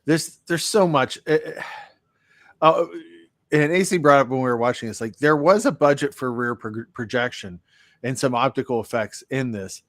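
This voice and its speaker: A man's voice: mid-range voice, normal speed, fairly bright tone, no echo. Rambling sarcastic man reviewing films. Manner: rambling, sarcastic, acts out quotes. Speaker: podcast co-host. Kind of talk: casual movie review chat.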